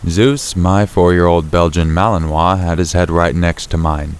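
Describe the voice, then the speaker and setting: A man narrating a true scary story in the first person, in a steady, low-key storytelling voice. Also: moderate pace, clear, resonant tone. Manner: steady, low-key storytelling, rising sharply for shouted quotes. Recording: faint rain and thunder behind.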